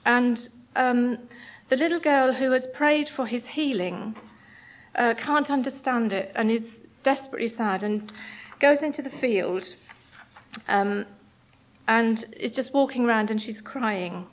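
A woman giving an earnest, gentle sermon in a church, sometimes reading passages aloud. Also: a little high, unhurried. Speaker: church speaker.

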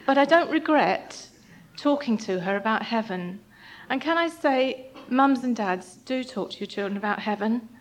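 A woman giving an earnest, gentle sermon in a church, sometimes reading passages aloud. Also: a little high. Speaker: church speaker.

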